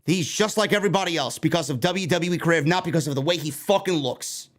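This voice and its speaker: Heated, swearing wrestling-news host, high voice. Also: male voice, fast. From New York. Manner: animated, heated, heavy swearing. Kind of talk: profane ranting commentary.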